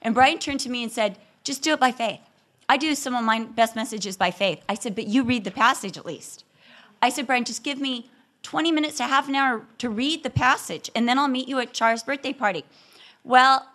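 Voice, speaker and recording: A woman's voice: on the high side, brisk. A woman speaking to a women's audience about marriage, telling a funny personal story and acting out the quoted lines. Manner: animated, humorous, acts out quotes.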